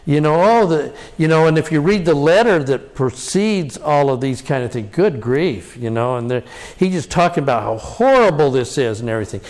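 A man giving an informal scripture lesson. He talks in an animated way, chuckles often, stresses key words with rising cries, and thinks aloud with fillers. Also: fairly high pitch, normal speed. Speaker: scripture teacher.

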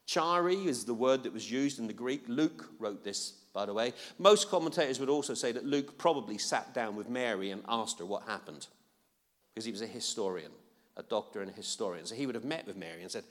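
A man's voice: medium pitch, expressive, moderate pace. A man preaching a sermon in a casual, conversational way with playful asides. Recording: long reverb of a hall.

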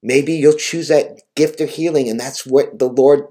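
A man's voice: mid-range voice, fairly even intonation, moderate pace, dark tone. A man preaching, recounting a vision and exhorting his listeners in an earnest, emotional way. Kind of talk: devotional vision account and exhortation.

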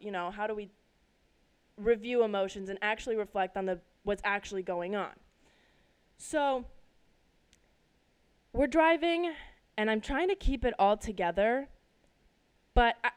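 A young woman from Colorado hosting her own podcast, telling a personal story casually, swearing freely and bursting loud at the dramatic parts. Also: fairly high pitch, smooth. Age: young adult. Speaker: podcast host. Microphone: desk microphone.

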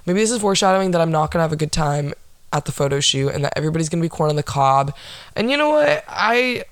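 A woman's voice: low voice, animated, fast talker, no room sound. A young woman hosting her own podcast, rambling in a dry, sarcastic, profane way. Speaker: podcast host. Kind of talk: casual solo podcast chat.

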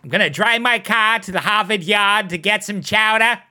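Man doing a loud Boston local with a thick accent, bright and punchy. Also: high-pitched, normal speed, pitched above the performer's own voice. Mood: brash.

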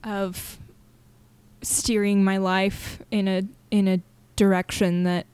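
A young woman hosting a personal solo podcast, talking candidly and haltingly with many fillers and restarts. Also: mid-range voice, level tone, darkish tone, smooth, no echo. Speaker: podcast host.

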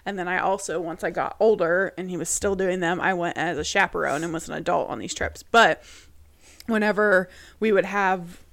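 A woman's voice: fairly low pitch, moderate pace, gravelly, fairly bright tone, dry recording. A woman co-hosting a podcast at home, telling stories in easy casual chat and laughing often. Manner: easygoing storyteller, laughs often. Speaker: podcast co-host.

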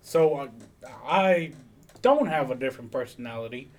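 A man's voice: medium pitch, animated, normal speed. A man from the American South on a casual podcast, asking wry, joking questions.

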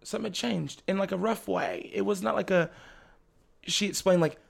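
Young man, podcast guest, somewhat high voice, gravelly, animated storytelling, frequent laughs. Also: normal speed. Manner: animated, acts out family members' lines; laughs often while talking. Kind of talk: casual storytelling chat.

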